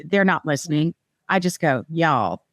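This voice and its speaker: A middle-aged woman from the American Midwest, talking as a real estate guest on a podcast, chatty and quick to laugh. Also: on the low side, no echo, dull audio. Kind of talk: casual podcast chat.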